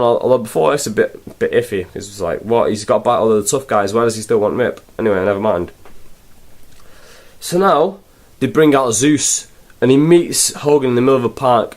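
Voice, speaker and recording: Animated man ranting casually. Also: mid-range voice. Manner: rambling, sarcastic, full of fillers. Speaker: film reviewer. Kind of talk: casual spoken review.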